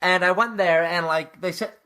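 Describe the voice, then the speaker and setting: A young man in his twenties co-hosting a podcast, telling stories in a fast, animated casual chat. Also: high voice. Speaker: podcast co-host.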